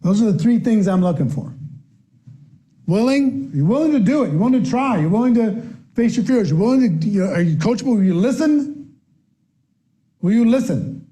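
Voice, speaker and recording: A man giving a live training talk on network marketing, asking the audience questions and acting out quoted voices with lively energy. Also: high voice, brisk. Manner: animated, acts out quoted voices.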